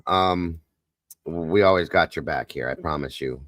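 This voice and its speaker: A man hosting a live stream, talking softly and consolingly to viewers in the chat. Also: a bass voice, a little slow, no echo, clean studio sound. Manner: soft, consoling, emotional. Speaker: livestream host.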